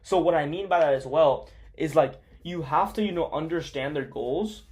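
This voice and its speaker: A young man gives a casual sales coaching talk in a slightly high voice. He is blunt and profane, and he leans on "like" and other fillers as he rambles through his points. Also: moderate pace, a little mellow.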